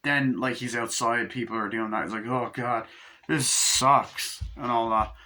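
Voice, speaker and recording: A man's voice: medium pitch, steady tone, measured pace, pushed and bright. A man giving a casual, profane movie review, rambling through scenes and acting out quoted lines in passing.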